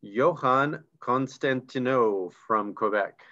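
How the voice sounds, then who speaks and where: A man's voice: mid-range voice, slow pace, sharp tone. A man co-hosting a live online recognition event, reading names and chatting enthusiastically about ranks over a video call. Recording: dull lo-fi video call audio.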